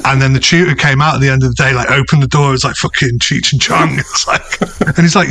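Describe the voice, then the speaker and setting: A man's voice: a little high, fairly even intonation, moderate pace, a bit bright. A man from Britain co-hosting a podcast in casual chat, telling stories with lots of swearing and laughter. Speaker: podcast co-host.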